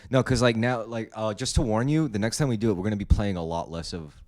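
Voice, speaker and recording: A man's voice: lowish voice, fast, darkish tone. A man co-hosting a podcast, laid-back and joking in casual chat, laughing often and using slang. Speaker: podcast co-host.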